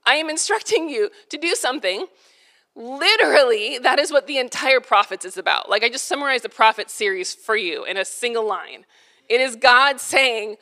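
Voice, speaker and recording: A woman's voice: sits high, expressive, moderate pace, bright, forceful tone. A woman, preaching a sermon in a conversational, emphatic way, repeating phrases for effect. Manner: conversational, with parenting asides. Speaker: pastor.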